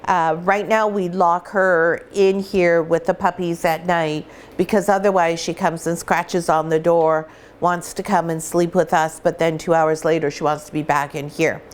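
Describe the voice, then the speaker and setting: A middle-aged woman breeder talks warmly and casually in a home vlog. Her voice sits a little low, and she keeps pausing with fillers and restarting her sentences. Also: flat delivery, slight background noise. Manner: chatty and warm, with many fillers and restarts. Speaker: dog breeder.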